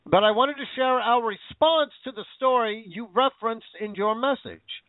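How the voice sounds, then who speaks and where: A man's voice: very high voice, moderate pace, hardly any pauses, no echo. A man hosting a show, ranting with sarcasm and indignation, repeating himself. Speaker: show host. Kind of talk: ranting commentary. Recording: tinny phone-like line.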